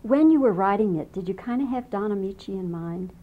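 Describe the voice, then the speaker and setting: A woman interviewer asking polite, measured questions. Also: mid-range voice, animated, phone-quality sound, a little hiss or hum. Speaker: interviewer, host.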